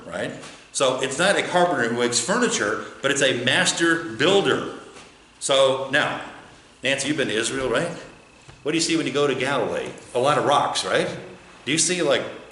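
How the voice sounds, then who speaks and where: In a church sanctuary, a male pastor with an American accent teaches a conversational sermon, often posing questions to the congregation and answering them himself. His voice is medium-pitched and fairly bright. The roomy church has faint ambience and slight background noise.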